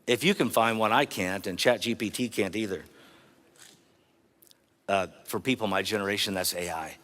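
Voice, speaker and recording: A man's voice: fairly low pitch, moderate pace, a bit bright. Earnest middle-aged man giving a keynote. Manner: earnest, rhetorical, engages the audience. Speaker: keynote speaker. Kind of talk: motivational keynote speech.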